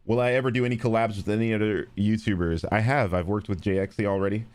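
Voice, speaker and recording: A man streaming live, chatting casually and responding to viewers, animated and blunt, with frequent swearing. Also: fast talker, no room sound. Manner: animated, swings between loud and low, swears freely.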